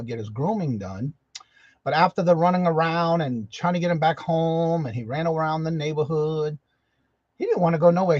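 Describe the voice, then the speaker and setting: Man, folksy livestream chat, lively pitch, dull dry sound. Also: no echo. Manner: chatty, folksy, repeats greetings. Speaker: livestream host. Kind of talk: casual livestream chat greeting viewers.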